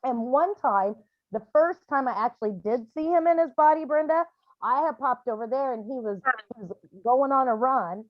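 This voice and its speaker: A woman with a fairly high voice counsels grieving parents on a video call, animated and expressive, now and then acting out scenes in other voices. The sound is muffled and dry, with no room around it. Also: normal speed, dry recording. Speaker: medium leading a grief support call.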